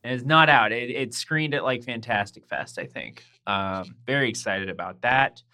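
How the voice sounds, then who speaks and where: A woman co-hosting a casual podcast from home, chatting in a rambling way and getting loud when excited. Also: extremely low pitch, moderate pace. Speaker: podcast co-host. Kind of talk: casual chat. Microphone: home mic over a voice call.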